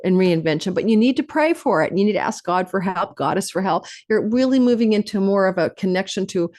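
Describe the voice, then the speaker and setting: Woman astrologer host, rapid and animated delivery, stacks phrases into lists. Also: mid-range voice. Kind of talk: fast-talking astrology forecast monologue.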